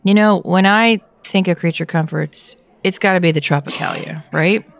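A woman's voice: fairly low pitch, moderate pace, vocal fry. A woman hosting a casual beer podcast, upbeat and guiding the conversation. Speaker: podcast host.

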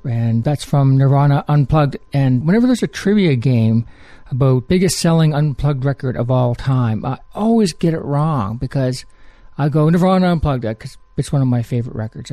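A man's voice: mid-range voice, normal speed, warm tone, no room sound. A man hosting a music radio show, chatting casually between songs in a rambling way with frequent fillers.

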